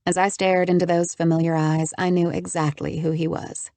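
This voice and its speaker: Low, creaky woman narrating an audiobook. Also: dry recording. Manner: even, measured storytelling with wry asides. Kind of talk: first-person audiobook narration.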